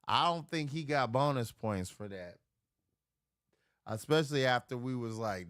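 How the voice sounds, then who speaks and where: A man's voice: medium pitch, animated, measured pace, a bit bright, no echo, clean studio sound. A middle-aged man streaming live, telling rambling, profane stories in casual chat and laughing at them, a bit drunk. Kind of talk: casual storytelling. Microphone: streaming mic.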